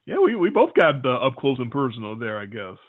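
A man's voice: mid-range voice, big pitch swings, a little fast. A man with a Midwestern American accent co-hosting a podcast, telling stories in a rambling, laid-back way. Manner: rambling, laid-back storyteller who swears casually. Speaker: podcast co-host. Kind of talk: casual chat. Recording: tinny phone-like sound.

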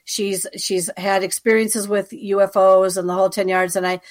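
A woman's voice: medium pitch, little pitch movement, moderate pace. Chatty woman telling her story. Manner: chatty, with frequent asides and filler; conversational, checking in with the listener. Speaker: interview guest. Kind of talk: personal storytelling.

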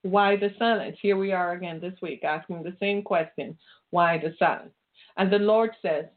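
A woman's voice: on the low side, fairly even intonation, moderate pace. A woman preaching an impassioned sermon, pressing her listeners with pointed rhetorical questions. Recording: tinny phone-like line.

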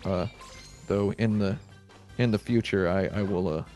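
A man with a lowish voice chats loosely on a live stream, rambling through jokes with plenty of ums. Faint music plays underneath. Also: steady tone, unhurried, a little mellow. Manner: rambling, jokey, many fillers. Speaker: stream co-host. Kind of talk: casual stream chat.

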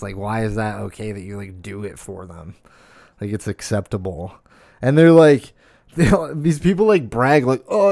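A man's voice: mid-range voice, a little mellow, dry recording. Profane ranting young man, dry close mic. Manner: profane, exasperated ranting with constant fillers. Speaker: streamer. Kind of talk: casual ranting monologue. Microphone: close desk mic.

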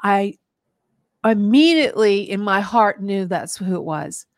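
A woman hosts a radio talk show and tells a long personal story. She rambles earnestly and often restarts her sentences. Her voice sits at a middling pitch and sounds dry and close to the mic. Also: animated, unhurried, no echo. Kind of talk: casual radio interview, personal testimony.

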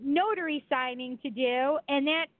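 A woman co-hosting a talk radio show, chatting in a bubbly, excitable way. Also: high voice, moderate pace, no room sound. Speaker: radio co-host. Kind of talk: casual talk radio chat. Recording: dry, phone-like lo-fi audio.

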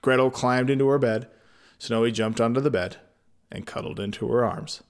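A man's voice: medium pitch, fairly even intonation, moderate pace. A man reading a fairy tale aloud, breaking off into rambling, profane comic asides. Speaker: storyteller.

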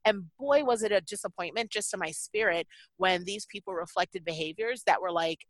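A middle-aged woman, a guest in an interview, talking casually in an animated, self-deprecating way with many fillers. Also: medium pitch, fairly quick, no echo, low-quality recording.

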